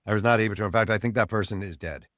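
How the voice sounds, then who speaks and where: A man, an author guest on an interview show, telling a story in animated fashion and acting out the people he quotes. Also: lowish voice, racing, no echo, clean studio sound.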